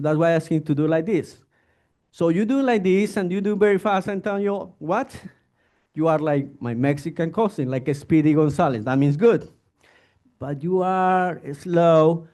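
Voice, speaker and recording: Lively doctor lecturing on a disease. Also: male voice, a little high. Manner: animated, acts out patient exchanges. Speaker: physician. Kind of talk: informal medical lecture.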